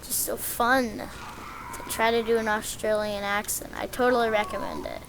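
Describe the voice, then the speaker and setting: A woman with a fairly high voice gives casual, rambling gameplay commentary at normal speed while walking through a game guide. She's easily excited and often pokes fun at herself, over a noisy background.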